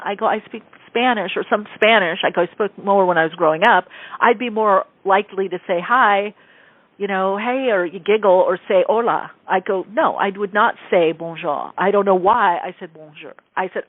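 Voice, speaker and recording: Woman radio host, animated storyteller, phone-like thin sound, dry recording. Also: mid-range voice, a little fast, no echo. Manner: animated storytelling, acts out quoted dialogue. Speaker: radio show host, psychic medium. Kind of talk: casual spiritual talk monologue.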